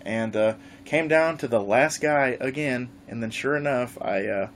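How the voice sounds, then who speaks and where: A man vlogging live, telling a gaming story in a casual, animated way and swearing freely. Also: mid-range voice, measured pace, a little hiss or hum. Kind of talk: casual livestream chat.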